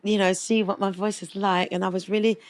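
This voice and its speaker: A middle-aged woman, a singer being interviewed, tells animated stories and keeps breaking into laughter. She slips into little voices and sung scales as she goes, at an ordinary middle pitch. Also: brisk. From England. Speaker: singer, guest. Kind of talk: interview storytelling.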